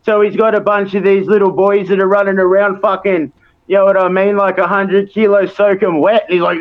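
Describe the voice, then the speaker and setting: An Australian man rants bluntly, swearing in nearly every breath as he vents about wrestling politics. His voice sits a touch high for a man. The recording is dull and lo-fi. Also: little pitch movement, fairly quick. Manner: blunt, profane, ranting. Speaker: podcast guest, wrestler. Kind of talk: casual chat.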